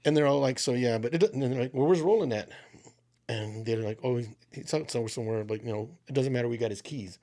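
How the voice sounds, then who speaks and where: Male co-host, gravelly voice, animated profane storyteller, casual podcast chat. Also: medium pitch, fast.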